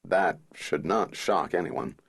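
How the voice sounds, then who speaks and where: A man reading a thriller audiobook in the first person, measured and somber. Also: low-pitched, vocal fry, slightly rough. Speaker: audiobook narrator.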